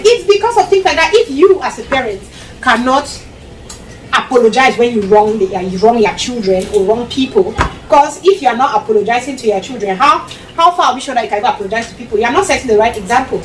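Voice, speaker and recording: A woman's voice: a little high, animated, fast, roomy sound, a little hiss or hum. A Cameroonian woman vlogging casual parenting advice to camera, emphatic and repetitive, slipping into Pidgin phrases. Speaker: mom vlogger. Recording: distant mic with loud background ambience.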